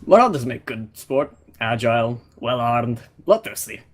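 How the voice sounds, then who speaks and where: A man's voice: medium pitch, very animated, measured pace. A savage, proud Draken warrior, played by a man speaks with a Russian accent. He boasts of slaughter and growls threats at anyone who doubts him. The voice comes through a gamer's voice chat headset. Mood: boastful.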